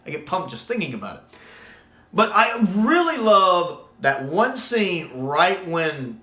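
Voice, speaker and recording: A man's voice: high voice, slow pace, reverberant. A man from the United States, enthusiastically discussing a sci-fi show in casual talk and acting out quoted scenes. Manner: excited, quotes scenes in acted voices.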